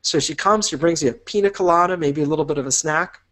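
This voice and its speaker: A man's voice: on the high side, quick pace, a bit bright. Man walking the listener through a dream. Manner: paints vivid imagined scenes for the listener; upbeat and encouraging. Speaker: business instructor. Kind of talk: motivational teaching talk.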